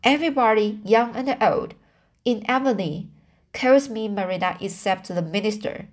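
A woman reading aloud and voicing a stern, plain-spoken older woman in a firm, measured tone close to her own voice. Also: medium pitch, close to an everyday voice. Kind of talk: amateur audiobook reading.

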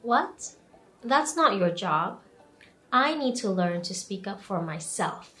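A woman voicing a quiet, self-doubting young female coworker in a scripted lesson dialogue, with gentle, earnest delivery. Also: medium pitch, big pitch swings, slow pace, faint music behind, heavily acted.

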